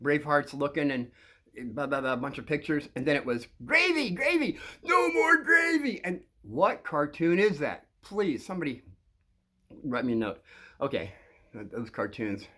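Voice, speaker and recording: A man's voice: mid-range voice, breathy edge. Older man rambling through stories. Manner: halting, repeats words, chuckles often. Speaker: channel host telling stories. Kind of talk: rambling storytelling to viewers.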